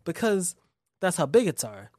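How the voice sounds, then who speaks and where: A man's voice: sits high, sing-song, normal speed, darkish tone, dry recording, studio quality. A young man in casual chat, rambling and swearing with many restarts while he tells a story. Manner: rambling and profane, many restarts, acts out quotes.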